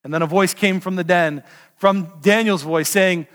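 A man preaching a sermon, retelling a Bible story in an animated way and putting direct questions to the congregation. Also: sits high, normal speed, big-room sound. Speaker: pastor.

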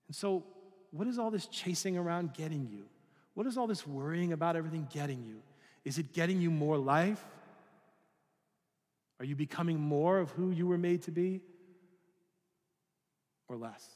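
A man's voice: a little high, long reverb tail. A male pastor giving a sermon in a conversational style, asking the listeners questions and sometimes acting out voices. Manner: conversational preaching with rhetorical questions and acted-out voices.

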